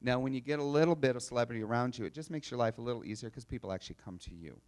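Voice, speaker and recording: Male expo speaker: chatty, animated storyteller, mid-pitched voice. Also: very fast. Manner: chatty, animated, restarts and laughs. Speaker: speaker telling stories at an expo. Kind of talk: storytelling talk to a live audience.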